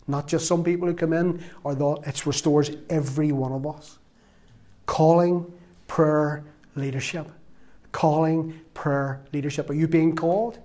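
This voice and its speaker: A man's voice: mid-range voice, dark tone. A middle-aged man preaching an earnest, emotional sermon that urges his congregation to pray.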